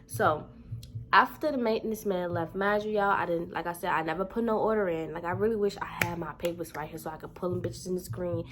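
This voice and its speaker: A woman's voice: lowish voice, brisk, background noise. A woman vlogger telling a story to her viewers in a casual, heated way, with a lot of swearing.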